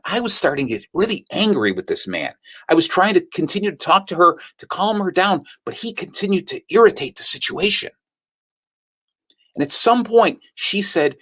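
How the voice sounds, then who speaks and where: With a high-pitched voice at an ordinary pace, a man gives a storytelling talk as a sales speaker, playing out each person's words with animation.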